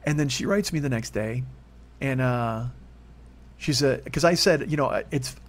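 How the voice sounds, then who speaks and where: A man's voice: medium pitch, unhurried. A man in his forties telling a personal story on his own, rambling and candid, his voice jumping up when he gets worked up. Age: 40s. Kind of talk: confessional solo monologue.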